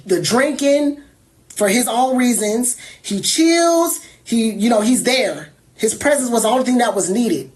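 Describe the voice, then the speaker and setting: A woman telling a personal story in casual talk, animated and irritated, acting out other people as she goes. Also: medium pitch.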